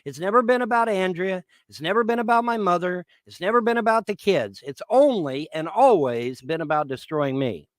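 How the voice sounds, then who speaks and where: A man's voice: sits high, lively intonation, moderate pace, few pauses, dry recording. A man in his fifties on a livestream, swearing and making threats in a repetitive rant. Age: 50s.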